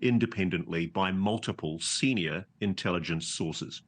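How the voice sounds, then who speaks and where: A low-voiced man answers with measured confidence, laying out his points in order. He sounds calm and sure of himself as a news guest. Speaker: journalist guest. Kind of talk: news interview.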